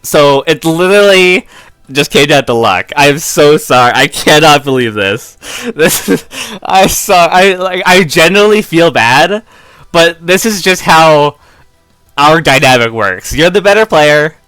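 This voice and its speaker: Smooth-voiced excitable man, lively pitch. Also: a little slow, no room sound, studio quality. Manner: excitable, breaks into helpless laughter. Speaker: competitive game player and video creator. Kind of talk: live gameplay commentary.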